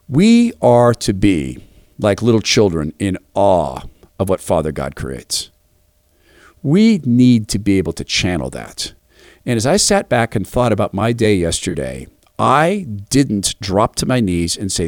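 Man, middle-aged, preacher, lively storytelling, swinging pitch, dry close sound. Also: no room sound. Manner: animated, acts out voices in anecdotes. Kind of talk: devotional storytelling talk.

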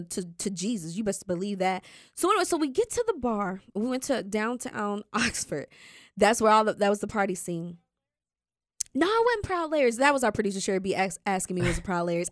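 Woman host, high voice, big swooping pitch, dry close sound, faith talk show, animated storytelling. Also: no echo.

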